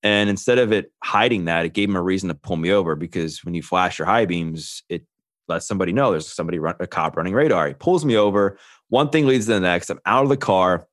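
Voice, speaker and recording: A man's voice: sits low, quick pace, no room sound, studio quality. A man in his thirties, a podcast guest, telling his own story earnestly and quoting the people in it. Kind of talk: candid storytelling.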